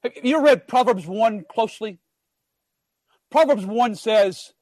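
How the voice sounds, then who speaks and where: A man preaching a sermon, earnest and emphatic, building up then dropping to quiet asides. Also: high voice, slow, long pauses, dry recording.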